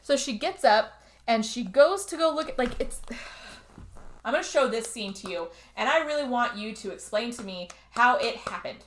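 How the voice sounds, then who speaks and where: A woman co-hosting a podcast, recapping a movie in casual chat as an animated storyteller who swears freely. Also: on the high side, normal speed, slight background noise. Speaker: podcast co-host.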